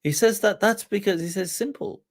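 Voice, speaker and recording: A man hosting a livestream who tells an old story with quoted dialogue, reciting Arabic quickly before translating it, mixing in Urdu phrases and laughing along the way. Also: high voice. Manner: mixes Urdu phrases into English. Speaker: livestream host and mufti.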